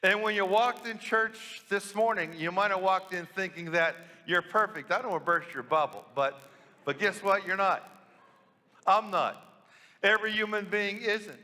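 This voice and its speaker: A priest giving a storytelling sermon in church, talking conversationally and asking the congregation questions. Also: male voice, high voice, moderate pace, bright, forceful tone. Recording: long church reverb.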